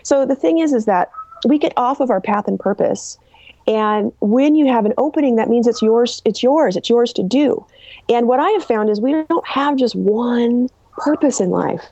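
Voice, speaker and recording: A woman's voice: on the high side, moderate pace, dry recording, lo-fi sound. A woman author and coach answering interview questions, telling client stories and acting out the people in them. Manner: animated, acts out quoted people.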